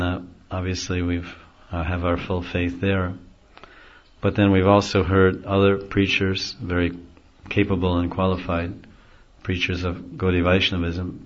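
A middle-aged man, a spiritual teacher, giving an easygoing devotional talk and chuckling often as he explains. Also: low voice. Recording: dull lo-fi recording.

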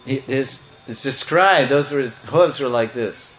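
A man giving a devotional storytelling sermon, animated and playful, breaking into chants and acting out parts. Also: mid-range voice, unhurried. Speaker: devotional speaker. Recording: echoey, slightly muffled room.

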